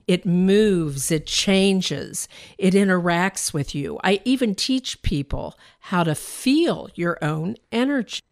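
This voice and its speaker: A woman's voice: lowish voice, lively intonation, takes it slowly, creaky. A woman guest explaining her work as an aura reader, confident and earnest. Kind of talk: interview explaining.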